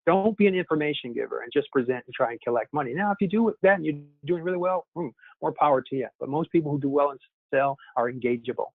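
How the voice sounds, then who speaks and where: A man's voice: fairly high pitch, lively intonation, fast talker, vocal fry, no echo. A man running a sales training session, coaching his listeners in an upbeat way and often calling them "guys". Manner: upbeat, coaching, keeps addressing the group as "guys". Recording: tinny phone line, dry.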